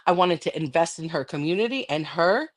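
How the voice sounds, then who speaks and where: A woman's voice: on the low side, lively intonation, fairly quick. Angry, defiant middle-aged woman ranting. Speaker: livestreamer. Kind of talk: heated livestream rant.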